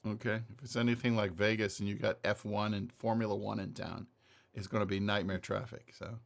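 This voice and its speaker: A man's voice: fairly low pitch, little pitch movement, fairly quick, creaky. A man playing a tabletop game, talking in an easygoing, hesitant way. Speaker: player.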